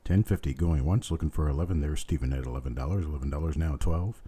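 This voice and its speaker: A man hosting a live coin auction, hoarse from losing his voice, calling out bids in a steady chant with chatty asides. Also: extremely low pitch, fast talker.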